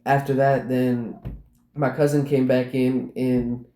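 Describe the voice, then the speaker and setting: A man's voice: medium pitch, little pitch movement, slow pace, mellow. A man telling a personal story in casual, rambling speech, packed with "like" and swearing. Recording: roomy echo.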